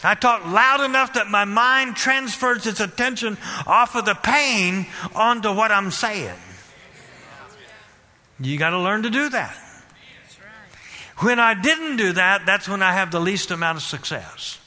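A man preaching a sermon with fervent, repetitive exhortation that rises to loud emphasis. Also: high voice, animated, measured pace. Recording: long hall reverb.

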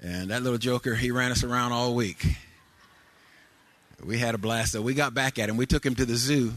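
An older man preaching a sermon, telling homely family stories with fillers, then rising into sung cadences and shouts. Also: mid-range voice, fairly even intonation, brisk. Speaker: pastor.

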